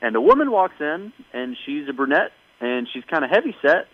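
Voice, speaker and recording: A man hosting a casual podcast chat, recapping events as an animated storyteller with wry asides. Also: a little high, fairly quick, dry recording, lo-fi sound.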